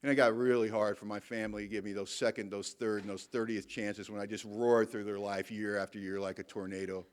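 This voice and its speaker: A man's voice: on the low side, flat delivery, brisk, hardly any pauses. A middle-aged man giving a candid, emphatic recovery talk to a convention audience and telling his own story with self-mocking humor. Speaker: AA speaker. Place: convention hall.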